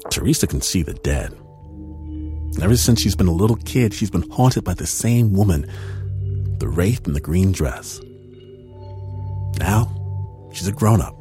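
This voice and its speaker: A man hosting a podcast, giving a slow, dramatic scripted narration. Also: deep voice, animated. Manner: slow, dramatic announcer delivery. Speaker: podcast host. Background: music.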